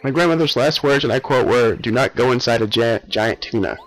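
A man's voice: medium pitch, fairly quick, faint music behind, natural voice, rough recording. A man voicing a pompous upper-class explorer with an affected plummy manner. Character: pompous posh male explorer.

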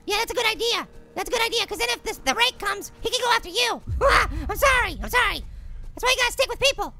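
A performer voicing a tiny, jumpy male apple in a pitched-up cartoon voice, commenting excitably on a horror game and shrieking in panic. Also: fast, creaky, exaggerated voice. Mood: cheery. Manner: excitable, loud panicked shrieks and repeated words. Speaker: gameplay commentator. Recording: game music under the voice.

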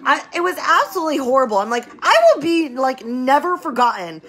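A woman's voice: high-pitched, sing-song, fairly quick, fairly bright tone. A woman who runs a medical business, talking casually on a live stream, rambling and repeating words for emphasis.

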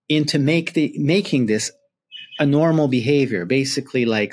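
A man talking to camera in a reflective self-help monologue, earnest and drawing out key words. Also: medium pitch.

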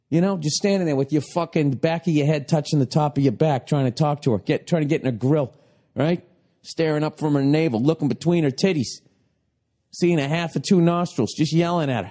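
A man in his forties from the United States, a comedian hosting a podcast, ranting with exasperation, swearing heavily and yelling at times. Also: a little high, normal speed. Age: 40s. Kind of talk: profane comic rant.

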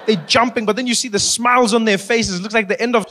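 A male stand-up comedian telling a story in an animated way and acting out the people in it. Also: sits high, quick pace. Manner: animated, acts out characters.

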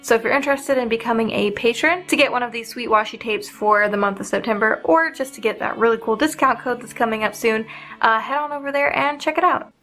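A young woman hosting her art channel, chatting casually and excitedly as she unboxes art supplies. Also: a little high, fairly quick, faint music behind. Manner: bubbly, excitable, giggly.

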